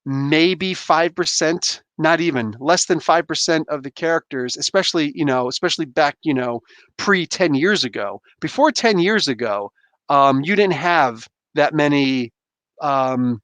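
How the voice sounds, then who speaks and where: A man in his thirties hosting a casual livestream chat from home on a headset mic, rambling and animated with lots of fillers and restarts. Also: fairly high pitch, dry recording. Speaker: livestream host. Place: home room. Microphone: gaming headset.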